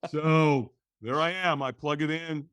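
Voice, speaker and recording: A middle-aged man, a podcast guest, telling a personal story in a lively way, acting out the voices in the quotes and often restarting words. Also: on the high side, unhurried, smooth, dry recording.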